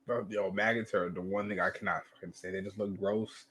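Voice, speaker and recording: A man's voice: lowish voice, fairly even intonation, brisk, fairly bright tone, slightly rough. A young man co-hosting a podcast, chatting loosely in slang and profanity, with lots of "yo" and "bro". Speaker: podcast co-host. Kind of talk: casual podcast chat.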